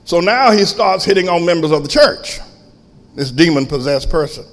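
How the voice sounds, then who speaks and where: A man preaching a sermon as pastor, shifting from quiet storytelling to sudden shouts. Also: fairly high pitch, expressive, normal speed, long reverb tail.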